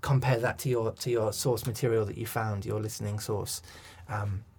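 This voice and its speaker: A man's voice: fairly low pitch, steady tone, normal speed, vocal fry, a little mellow, husky. A man, a coach and director, talking through ideas in an interview, thoughtful with many restarts. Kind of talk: interview conversation.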